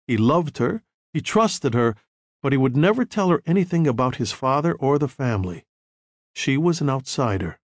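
A man telling a story in an audiobook, measured and expressive. His mid-range voice moves freely up and down in pitch. The studio sound is dry and close, with no echo. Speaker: audiobook narrator. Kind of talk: scripted narration.

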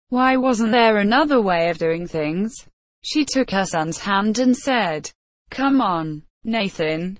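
Woman narrating a graded reader, slow pace, dry close recording. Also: medium pitch, fairly bright tone, dry recording. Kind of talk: scripted narration.

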